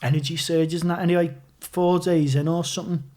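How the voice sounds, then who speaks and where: A man's voice: a little high, brisk. Chatty scouse man telling prison stories. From Liverpool. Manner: animated anecdotes, swearing, rambling restarts. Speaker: podcast guest. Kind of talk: casual storytelling.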